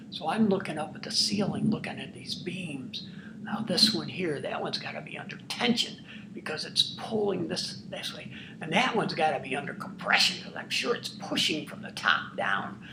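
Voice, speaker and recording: Gravelly older man telling a family story. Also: on the high side, background noise. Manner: folksy, earnest, marveling storyteller. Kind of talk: casual spoken storytelling. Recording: roomy echo.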